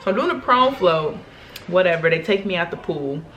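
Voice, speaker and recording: A young woman vlogger telling a story to camera in a chatty, animated way, laughing often and using slang. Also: fairly low pitch, brisk, lo-fi sound, slight background noise.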